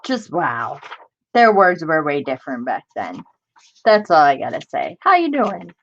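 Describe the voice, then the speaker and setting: A deep-voiced woman, her pitch swooping wildly, speaks a little slowly through lo-fi sound. Hosting a crafting livestream, she chats easily and reads archaic text aloud, stumbling over difficult words and exclaiming in disbelief.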